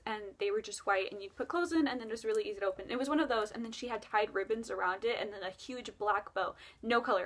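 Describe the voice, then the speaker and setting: A woman's voice: mid-range voice, fairly bright tone. A young adult woman telling a spooky dream story in a rambling, casual way, with lots of fillers and self-corrections.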